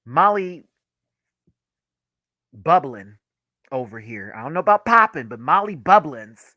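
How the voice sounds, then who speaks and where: Sassy animated man reviewing live. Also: on the high side, measured pace, no room sound, clean studio sound. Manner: animated, gossipy, sassy asides. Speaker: drag reality show reviewer. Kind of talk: live reaction commentary.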